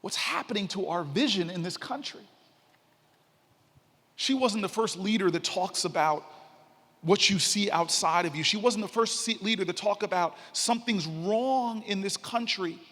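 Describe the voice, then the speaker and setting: A senator giving a keynote speech, telling stories and building to rousing emphasis. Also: male voice, sits high, normal speed, a bit bright. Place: large convention hall. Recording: reverberant hall.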